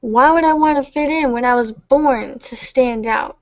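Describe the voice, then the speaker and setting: A tired woman speaking softly and haltingly in a late-night confessional live stream from home, stumbling and restarting as she gets emotional. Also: sits high, dull audio. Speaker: vlogger.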